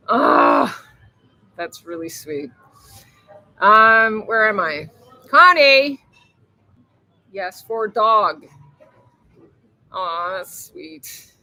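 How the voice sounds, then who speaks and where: Bright-voiced rambling woman vlogger. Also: fairly low pitch, vocal fry, poor audio. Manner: rambling, chatty, laughs often, swears freely. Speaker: vlogger hosting a live stream. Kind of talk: casual live-stream chat reading viewer comments.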